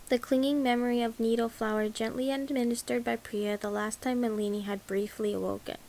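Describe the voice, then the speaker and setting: A woman reading a novel aloud as an audiobook, in an even, unhurried way. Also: fairly high pitch, slight background noise, low-quality recording. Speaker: audiobook reader. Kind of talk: audiobook narration.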